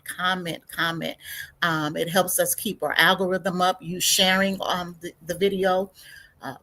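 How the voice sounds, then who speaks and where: A woman hosting a livestream as a counselor, speaking in an unhurried, reflective way with soft drops in volume and sighs. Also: fairly low pitch. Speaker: counselor and show host. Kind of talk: spiritual livestream talk.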